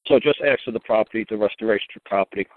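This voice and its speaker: A man's voice: fairly low pitch, rapid-fire, no echo. A man calling in and telling a story at length in an emphatic, rambling way. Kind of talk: casual phone-in talk. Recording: tinny phone line, dry.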